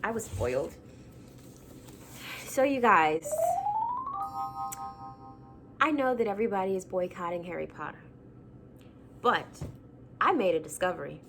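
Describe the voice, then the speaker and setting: A woman's voice: lowish voice, animated, unhurried, pauses often, music in the background. A young woman vlogging casually about her childhood books, chatty and self-mocking with lots of fillers. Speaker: book vlogger. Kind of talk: casual chat.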